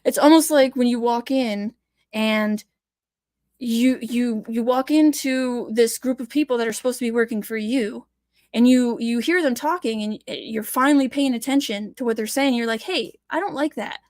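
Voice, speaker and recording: A woman's voice: a little high, moderate pace, darkish tone, no room sound. A woman hosting a casual news commentary show from home, reading articles aloud and breaking into passionate, sarcastic rants. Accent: Michigan. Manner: passionate, ranting, sarcastic asides.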